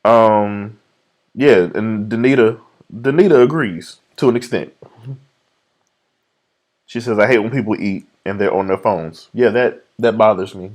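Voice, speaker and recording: A man's voice: on the low side, measured pace, long pauses, a little mellow. A man hosting a casual podcast chat, playfully defensive and breaking into laughter often. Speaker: podcast host.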